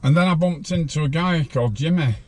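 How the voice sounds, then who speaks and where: A man's voice: a little high, fairly quick, a little mellow. A man in his sixties, a podcast guest telling a rambling story from his own life in a plain-spoken way.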